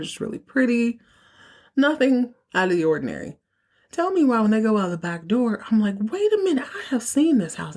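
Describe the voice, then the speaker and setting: A woman hosting a podcast, telling the story of a TV episode in an animated, chatty way. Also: lowish voice. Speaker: podcast host. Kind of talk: casual TV episode recap.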